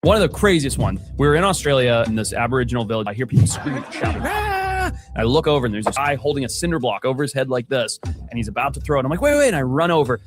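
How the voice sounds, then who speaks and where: A man telling an animated personal anecdote, acting out what people said. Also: medium pitch, very fast, over music. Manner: animated storyteller, acts out quotes. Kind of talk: storytelling anecdote.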